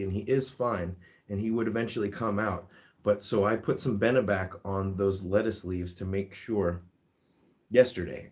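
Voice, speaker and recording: A man's voice: lowish voice, a little mellow. A man hosting a casual live-stream chat, reading viewer comments and talking to his guinea pigs. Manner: chatty, reads comments aloud, talks to his pets.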